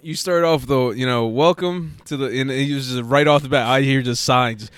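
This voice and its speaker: A man's voice: mid-range voice, steady tone, a little fast, fairly bright tone, smooth, dry recording, clean studio sound. A man co-hosting a casual podcast who sounds tired, rambling and restarting his sentences. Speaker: podcast co-host.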